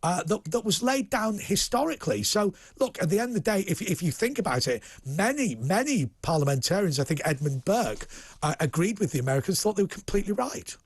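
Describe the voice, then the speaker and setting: A middle-aged British man hosting a political TV interview, animated and prone to restarting his sentences. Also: high voice, brisk, slightly rough, dry recording. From United Kingdom. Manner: animated, repeats words when starting sentences. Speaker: TV host and political commentator. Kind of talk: casual studio interview.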